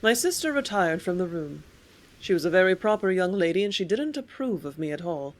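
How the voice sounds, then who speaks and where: A woman reads an old first-person memoir aloud as an audiobook. Her delivery is steady storytelling, with the quoted lines read out with more life. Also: fairly low pitch, a little fast. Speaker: audiobook narrator.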